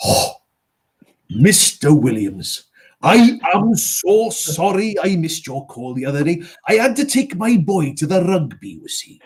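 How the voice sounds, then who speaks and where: A man puts on a gentle South Welsh solicitor with a musical lilt. He apologises at length in a high, bright, sing-song tone, slow and soothing. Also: big pitch swings, breathy edge, full character voice. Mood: apologetic. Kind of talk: impression in conversation.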